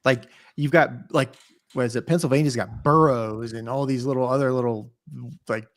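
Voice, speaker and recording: A man co-hosting a podcast, chiming in with quick, joking remarks in casual chat. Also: mid-range voice, fairly even intonation. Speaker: podcast co-host.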